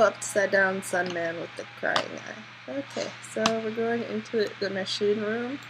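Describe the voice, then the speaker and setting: A woman doing let's play commentary, jittery and excitable, swearing at her character, on a built-in laptop mic. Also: medium pitch, moderate pace, noisy background. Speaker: gamer.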